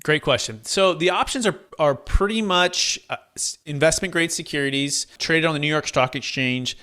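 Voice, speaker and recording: A man in conversation tells a story with plenty of energy. His voice sits a bit on the high side, and he swings into playful impressions of the people he quotes. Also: moderate pace, pushed and bright. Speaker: guest, tax deferral advisor. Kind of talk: conversational interview, telling a client story.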